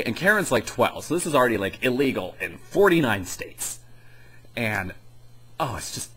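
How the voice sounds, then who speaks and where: Husky young guy ranting sarcastically, voice bouncing all over. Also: mid-range voice, poor audio. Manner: sarcastic, rambling, animated. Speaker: video reviewer. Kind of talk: casual comedic review.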